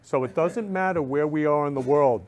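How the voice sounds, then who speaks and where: A man's voice: fairly high pitch, normal speed, darkish tone. A man hosting a talk show in a studio, effusive and repetitive, constantly telling guests he loves them.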